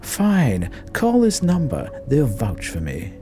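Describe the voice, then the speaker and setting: A man's voice: mid-range voice, huge pitch swings, slow, music in the background, heavily acted. A man voicing a haughty rich older man in a game, pompous and condescending.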